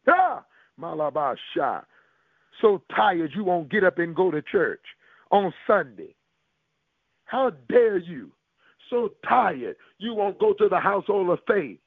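A man's voice: sits high, animated, slow, creaky, breathy edge, no echo. A man preaching a sermon to listeners on a call, driving his points home with rhythmic repetition and rhetorical questions. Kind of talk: sermon over a conference call. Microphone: phone call. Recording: tinny, dry phone line.

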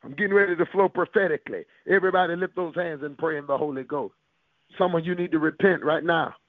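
Speaking quickly on a conference call, a man with a slightly high voice delivers a sermon through a tinny, dry phone connection with no room sound. Rhetorical questions and rhythmic repetition hammer his points home.

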